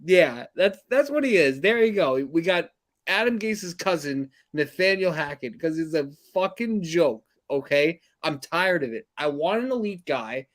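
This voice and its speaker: A man's voice: on the high side, expressive, a little slow. A man co-hosting a sports podcast, ranting angrily and profanely about his team, with frequent sighs and exasperated outbursts. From New York area. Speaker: podcast co-host. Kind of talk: angry sports rant.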